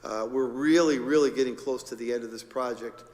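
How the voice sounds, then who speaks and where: A man's voice: mid-range voice, fairly quick, darkish tone, long reverb tail. A man, a school district administrator, walks the board through agenda items in an informal, joking, conversational way at a public meeting.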